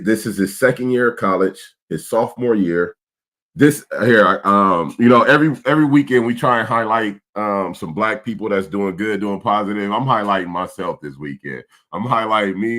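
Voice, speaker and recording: Man, middle-aged, low voice, laid-back slang, emotional. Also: moderate pace, a bit bright. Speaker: vlog host, father. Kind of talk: casual vlog chat.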